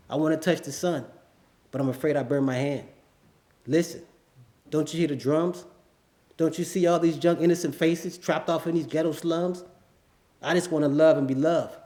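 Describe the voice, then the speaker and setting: A man's voice: fairly high pitch, darkish tone. A man performing a spoken word poem at an open mic, reciting in a solemn, rhythmic way. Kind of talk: spoken word poetry reading. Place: live venue before an audience.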